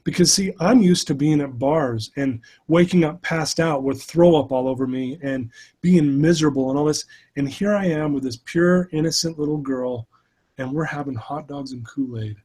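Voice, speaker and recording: Middle-aged male guest, a touch high-pitched, chatty and animated as he tells his story. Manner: animated, many "you know" fillers. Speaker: interview guest, life coach. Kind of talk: casual storytelling.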